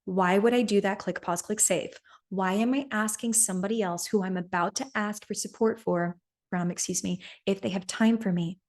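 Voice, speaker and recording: A woman's voice: medium pitch, fairly even intonation, moderate pace, a little mellow. Earnest woman host. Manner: earnest, repeats "right?" often. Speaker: podcast host. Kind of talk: personal story and coaching talk.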